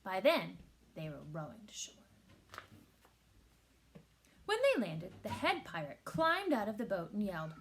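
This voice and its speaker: A woman reading a children's picture book aloud with expressive storytelling. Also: medium pitch, normal speed. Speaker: teacher.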